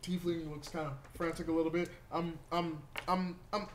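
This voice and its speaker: A man's voice: fairly high pitch, level tone, normal speed, a little hiss or hum. A man narrating a tabletop role-play game as game master, describing scenes with lots of hesitant ums.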